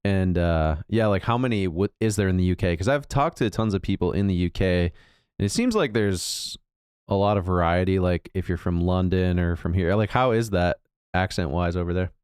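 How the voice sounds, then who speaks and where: A man with a Midwestern American accent co-hosting a podcast, asking curious questions in a halting way. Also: deep voice, darkish tone, clean tone, dry recording, clean studio sound. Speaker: podcast co-host. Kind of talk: casual podcast chat.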